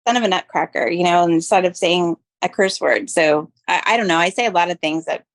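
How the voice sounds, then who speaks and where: A woman's voice: fairly low pitch, fairly quick. An American woman from Florida co-hosting a podcast, chatting animatedly and laughing often. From Florida, United States. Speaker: podcast co-host. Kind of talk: casual chat.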